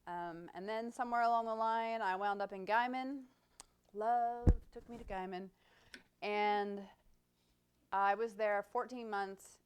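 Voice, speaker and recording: Animated woman telling stories. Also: medium pitch, clean tone. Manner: animated, self-deprecating storyteller. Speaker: city manager speaking to a club. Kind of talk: storytelling talk.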